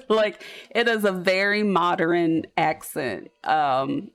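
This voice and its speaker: A woman with a South Jersey accent chats casually to her stream audience. She is tired and rambling, with slangy, loose speech and a slightly low voice. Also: steady tone, very slow, fairly bright tone. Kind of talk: casual chat.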